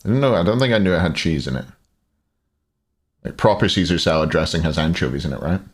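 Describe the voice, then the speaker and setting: Chatty low-voiced male stream caster. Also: expressive, quick pace. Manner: joking, chatty banter with chat. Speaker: esports caster and stream host. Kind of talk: casual live-stream commentary.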